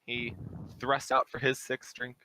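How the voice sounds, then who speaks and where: Streaming live from a home setup, a dungeon master narrates a tabletop session in an easygoing, loose style with small fillers. His medium-pitched voice is level and unhurried with a bright, forceful edge, though the audio is poor, with some hiss or hum.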